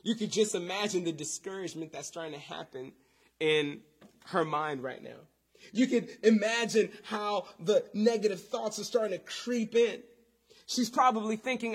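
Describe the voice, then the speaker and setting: Husky high-voiced preaching man. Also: measured pace. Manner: preaching with sudden rises and drops in intensity, repeating key lines. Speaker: pastor. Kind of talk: sermon.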